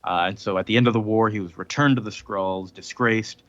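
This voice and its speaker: A man's voice: fairly low pitch, fairly even intonation, fairly quick, a bit bright, no room sound, dull audio. A man hosting a podcast in casual chat, recapping a comic in a rambling way with many fillers and chuckles. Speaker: podcast host.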